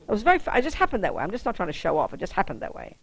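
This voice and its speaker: A woman's voice: mid-range voice, wildly swooping pitch, rapid-fire, breathy edge, no echo, rough recording. A woman who is a Buddhist nun giving a public dharma talk, telling a personal story bluntly and often checking that the audience understands.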